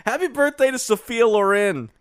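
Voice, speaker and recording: A podcast co-host with a very high, somewhat bright, clear and resonant voice talks at a moderate pace. He jokes around and laughs often in casual chat, recorded dry in clean studio sound.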